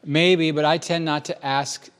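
A man's voice: a little high, level tone, a little slow, fairly bright tone, clean tone. A man preaching a sermon in a church, enthusiastic and conversational, often restarting his sentences.

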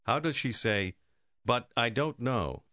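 A man's voice: mid-range voice, very animated, slow, bright, forceful tone, no echo, studio quality. A man narrating a recorded language course, giving instructive prompts to the learner. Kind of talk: scripted lesson narration.

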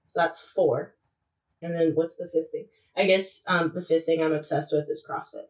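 A young woman chatting casually as a podcast co-host. She tells stories with lively asides and breaks into laughter often. Her voice sits a touch distant from the microphone. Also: deep voice. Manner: animated storytelling, laughs often, quick asides. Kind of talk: casual chat.

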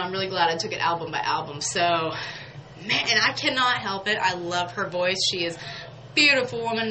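A woman's voice: fairly low pitch, pushed and bright, a little hiss or hum, poor audio. A woman, hosting a local radio show in casual, chatty talk, laughing often and saying "y'all.". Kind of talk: casual on-air chat. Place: radio studio.

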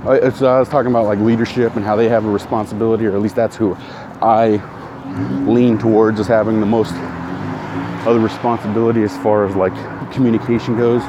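Speaking a little fast with a fairly low, flat-pitched voice, a middle-aged man walks outside while hosting his casual podcast. He meanders, corrects himself and says hi to passersby as traffic and other street sounds fill the background.

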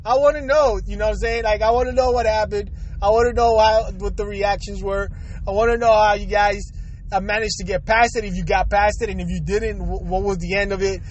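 A man's voice: sits high, fairly even intonation, brisk, slight background noise, rough recording. A young man in a crude, rambling casual rant to his viewers, full of slang and frequent chuckles. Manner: slangy street talk. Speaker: vlogger.

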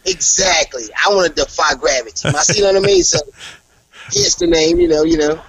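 Hyped-up wrestler with a gravelly voice. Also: male voice, normal speed, low-quality recording. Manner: hyped, animated, promo-style trash talk with big pitch jumps. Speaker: professional wrestler. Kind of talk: casual interview over a call.

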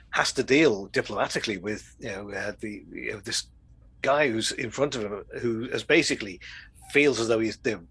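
A man's voice: medium pitch, a bit bright, slightly rough. A man co-hosting a podcast, chatting casually about a TV episode in a rambling way. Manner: rambling, acts out quoted lines. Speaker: podcast co-host. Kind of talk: casual chat reviewing an episode.

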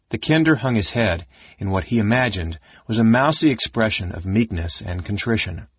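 A man reading a fantasy audiobook as narrator, in an even, measured way. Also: fairly low pitch, slightly rough, dry recording, highs cut off. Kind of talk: scripted narration.

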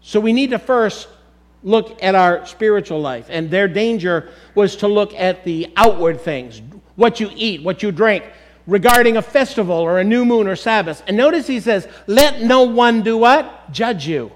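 High-voiced man preaching a sermon. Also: expressive, moderate pace. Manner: emphatic preaching, addresses congregation as folks. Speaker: pastor.

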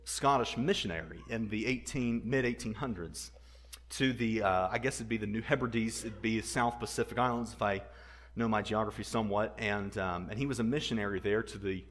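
A man preaching a sermon, telling a story with animated energy, repeating words and acting out the people he quotes. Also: fairly low pitch, fairly quick. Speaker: pastor.

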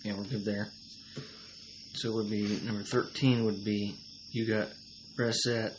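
A man's voice: lowish voice, level tone, a little slow. A man co-hosting a casual sports rankings chat, plain-spoken, answering in short agreements and firm opinions. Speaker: co-host, the father. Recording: clear background noise.

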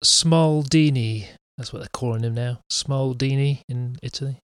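A man's voice: mid-range voice, level tone, quick pace, warm tone, no echo, clean studio sound. A young man co-hosting a casual football podcast, wry and sarcastic in his asides. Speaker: podcast co-host.

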